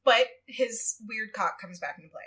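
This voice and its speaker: A woman retells a story in casual podcast chat, her voice a touch high and very bright. She talks animatedly, laughs often and slips into quick acted quotes. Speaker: guest co-host.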